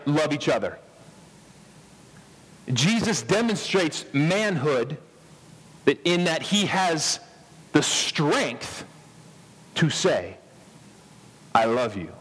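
A man in his thirties preaching a sermon as a pastor, earnest, pausing for emphasis and often restarting his words. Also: fairly high pitch, big pitch swings, fairly bright tone, breathy edge, long reverb tail.

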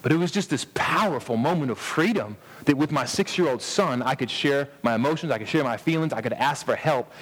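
An earnest man in his thirties preaching a sermon. He speaks in an ordinary middle pitch, pausing for emphasis and often restarting mid-sentence. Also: animated, slightly rough, in a large hall. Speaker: pastor.

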